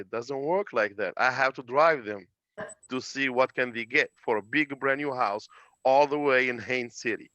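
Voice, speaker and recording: A man's voice: mid-range voice, normal speed, sharp tone, no echo. Man telling a work story, dull lo-fi. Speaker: real estate agent. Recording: dull lo-fi dry sound.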